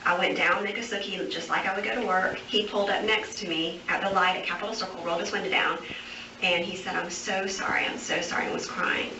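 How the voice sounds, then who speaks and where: A woman's voice: mid-range voice, steady tone, fast. Rambling woman in an echoey interview room. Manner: rambling nonstop, many fillers. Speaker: woman giving a statement to police. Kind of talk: recorded police interview. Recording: echoey, distant, noisy interview room recording.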